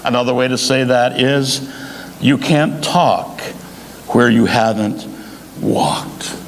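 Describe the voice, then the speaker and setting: A man preaching a sermon as associate pastor, emphatic, with dramatic pauses between phrases. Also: mid-range voice. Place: church sanctuary. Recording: reverberant church hall, faint noise.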